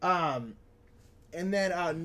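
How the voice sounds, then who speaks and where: A man's voice: high voice, animated, slow pace, fairly bright tone. A man co-hosting a live board game stream, chatting casually, reading viewer comments aloud and explaining rules as he plays. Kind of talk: casual live-stream chat while playing.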